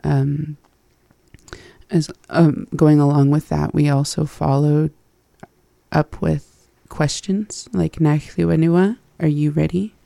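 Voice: mid-range voice, flat delivery, takes it slowly, gravelly, dark tone, no echo. A learner reviewing phrases from a language lesson, hesitant and laughing at their own slips.

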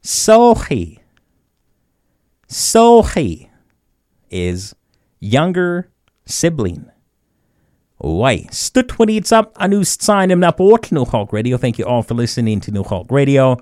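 Chuckling male radio host, lively pitch. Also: no room sound, clean studio sound. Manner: chuckles often, slow deliberate word repetition. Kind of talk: community radio language segment.

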